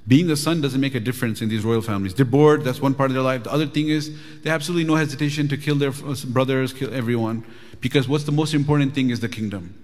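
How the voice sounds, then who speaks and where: Guy teaching in a mosque, chatty storytelling, mid pitch, long echo. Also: fast talker. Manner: lively, chatty, asks the audience "right?". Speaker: religious teacher. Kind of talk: storytelling lecture. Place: mosque hall. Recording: reverberant mosque hall.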